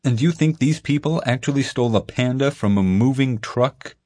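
A man's voice: lowish voice, big pitch swings, moderate pace, a little mellow, slightly rough, voice pushed up. A man voicing a doubtful, conspiracy-minded boy in an audiobook. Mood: conspiratorial. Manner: doubtful, dramatic.

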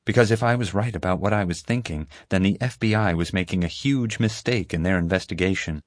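Low-voiced man narrating a story. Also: brisk, no room sound. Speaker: audiobook narrator. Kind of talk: scripted first-person narration. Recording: dry close studio sound.

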